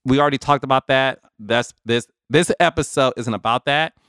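Male podcast host, conversational and animated, clear resonant voice, mid pitch, dry close sound. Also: moderate pace, no room sound. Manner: chatty, animated, addresses listeners as y'all. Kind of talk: casual solo commentary.

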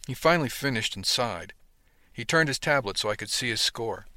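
A man giving scripted first-person narration of a novel in a steady storytelling manner. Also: medium pitch, a little fast, no echo. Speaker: audiobook narrator.

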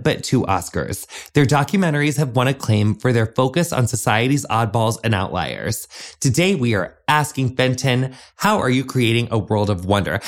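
A man hosting a podcast, introducing his guest in a gushing, chatty way and often calling listeners "honey". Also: mid-range voice. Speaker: podcast host.

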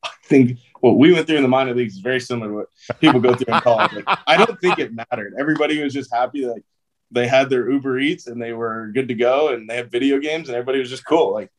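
A man's voice: medium pitch, fast talker, slight background noise. A man, a pro baseball player, telling stories as a guest in a casual interview, loose and chatty with lots of "um", "like" and "dude".

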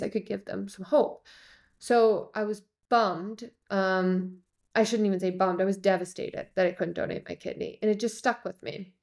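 A woman, a podcast guest, telling a personal story in a lively way and acting out the voices of the people in it. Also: mid-range voice. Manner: lively, acts out quoted voices. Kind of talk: conversational storytelling.

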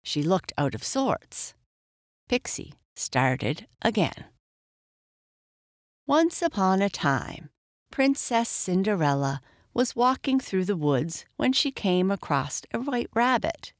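A woman reading a children's storybook aloud in an expressive, measured way. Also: medium pitch, no echo, clean studio sound.

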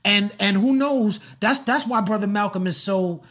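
A man interviewing a guest, making his points in a measured, reflective way. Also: sits high, a bit bright. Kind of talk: casual interview talk.

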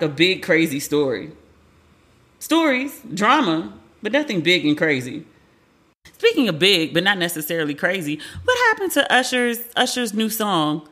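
A woman in her forties with a bright, sharp tone, talking casually as a show host. She is candid and chatty, swears freely and slips into the voices of the people she quotes. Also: mid-range voice. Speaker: podcast host. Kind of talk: casual pop-culture commentary.

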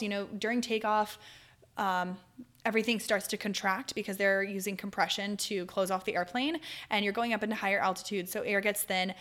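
A woman's voice: mid-range voice, a bit bright. A young woman hosting a podcast, giving casual advice in a chatty, loose way with fillers and self-corrections. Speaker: podcast host.

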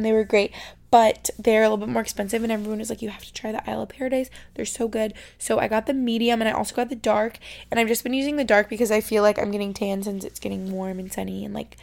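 Chatty young woman with a gravelly fry. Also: mid-range voice. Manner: chatty, uses "like" constantly, drifts into soft near-whispers. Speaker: podcast host. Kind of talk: casual solo podcast chat. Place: her bedroom.

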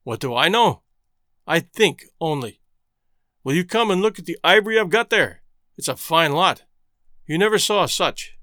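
A male storyteller voices a calm, impassive station clerk who first pleads, then speaks evenly and with weight, his pitch rising and falling freely. He talks at normal speed with frequent pauses, and the close, dry recording has no room sound.

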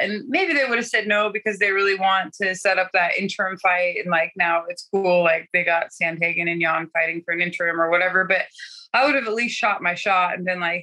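A woman's voice: lowish voice, fairly even intonation, a little fast, sharp tone, rough recording. A young adult woman fighter telling her story candidly in a casual interview, laughing often and swearing freely. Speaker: guest fighter.

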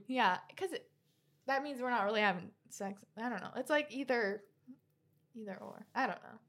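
A young woman hosting a podcast in casual chat, candid and quick to giggle. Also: on the high side, fairly bright tone. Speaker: podcast host.

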